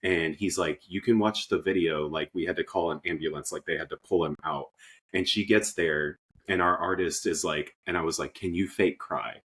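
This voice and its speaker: A man co-hosting a casual podcast, a tattoo artist telling shop stories in an animated way, laughing often and acting out what others said. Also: low voice, normal speed, breathy edge. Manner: animated storyteller who laughs often and acts out quotes. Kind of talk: casual chat.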